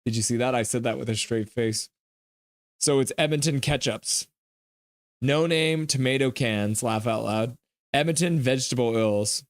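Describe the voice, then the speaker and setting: A man's voice: medium pitch, normal speed, no echo, clean studio sound. A man streaming a live hockey game reaction, reading chat messages aloud and teasing viewers in a playful, jokey way.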